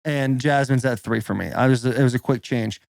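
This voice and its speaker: A man's voice: mid-range voice, steady tone, normal speed, gravelly, darkish tone, no room sound, studio quality. A man co-hosting a podcast in casual banter, joking and laughing often. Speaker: podcast co-host.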